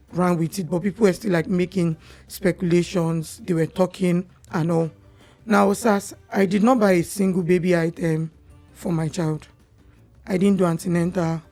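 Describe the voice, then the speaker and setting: Nigerian girl, young, talks kinda gravelly, animated storytelling, faint music behind. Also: fairly low pitch. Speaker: podcast guest. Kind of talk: personal storytelling in conversation.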